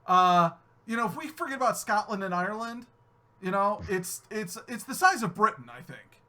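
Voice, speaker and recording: Animated high-voiced man hosting a podcast. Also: normal speed. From New York State. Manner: animated storyteller, acts out other voices. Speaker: podcast host. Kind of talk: casual chat.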